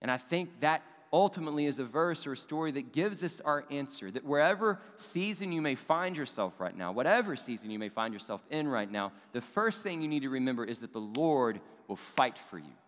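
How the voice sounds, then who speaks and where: Male pastor, mid-pitched, preaching earnestly in a reverberant sanctuary. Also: lively intonation, brisk, few pauses. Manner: earnest preaching with rhetorical questions, rising with emphasis. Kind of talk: sermon. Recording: long reverb of a large hall.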